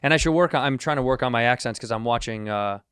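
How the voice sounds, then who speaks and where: A man's voice: medium pitch, quick pace, fairly bright tone, clear, resonant tone, dry recording, studio quality. A man co-hosting a comedy podcast, telling a story in joking, casual chat and laughing often. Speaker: podcast co-host.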